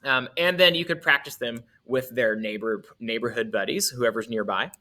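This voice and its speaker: A man's voice: mid-range voice, normal speed, sharp tone. A male music teacher explaining articulation in a casual way, correcting himself as he goes and demonstrating on his instrument.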